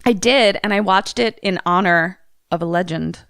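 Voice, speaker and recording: A young woman co-hosting a comedy podcast, chatting casually with excitable, jokey swearing. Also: medium pitch, moderate pace, smooth, no room sound, clean studio sound. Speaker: podcast co-host.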